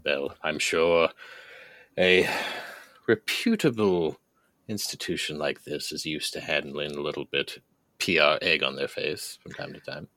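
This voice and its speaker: A sly businessman with a very deep voice, striking deals in an unhurried, knowing manner, as a player voices him. The sound is dry and close. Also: bright, forceful tone, no room sound, exaggerated voice. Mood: smooth. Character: smooth, scheming male businessman.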